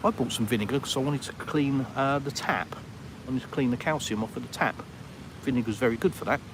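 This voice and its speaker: A man's voice: mid-range voice, brisk, background noise. A British man chatting to live viewers on a walking vlog, rambling and self-deprecating, outdoors in a town. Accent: British English. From Britain. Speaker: vlogger. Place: outdoors on a town street with traffic.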